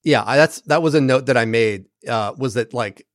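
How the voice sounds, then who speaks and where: A man co-hosting a podcast in casual chat, animated and profane, acting out lines from the episode. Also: mid-range voice, moderate pace, no echo. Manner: animated, profane, acts out quoted characters. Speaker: podcast co-host.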